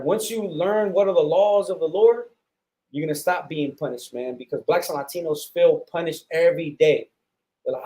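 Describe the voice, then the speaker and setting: An American man preaching a fervent class, repeating himself often and filling pauses with "you know" and "right?". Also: a little high, dark tone. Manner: repetitive, fervent, with many fillers. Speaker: street preacher teaching a class. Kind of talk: preaching lecture.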